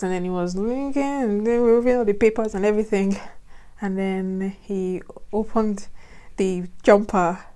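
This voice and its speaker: A woman's voice: mid-range voice, a little mellow. A young woman from Nigeria, a vlogger telling a personal story in a chatty way and laughing often. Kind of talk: casual storytelling.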